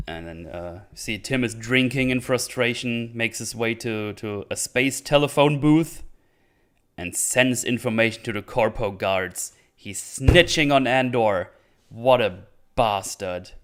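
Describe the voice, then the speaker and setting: A man hosting his own show, casually retelling scenes with filler words and quick quoted lines. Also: medium pitch, a bit bright. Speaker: podcast host recapping a series. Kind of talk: casual chat.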